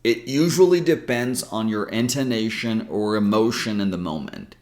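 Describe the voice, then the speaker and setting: A man's voice: lowish voice, moderate pace, darkish tone. A man with an American accent, patiently explaining pronunciation in a recorded video lesson. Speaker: English pronunciation coach.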